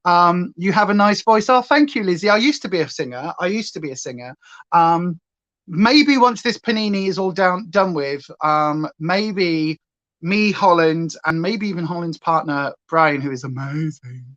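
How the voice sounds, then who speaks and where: A woman's voice: on the low side, moderate pace, fairly bright tone. Woman, from Hampshire, clipped southern English accent, rambling casual livestream chat, frequent fillers, muffled audio. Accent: clipped near-standard southern English. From Hampshire, England. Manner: chatty, tangent-prone, lots of fillers. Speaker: livestream beauty host.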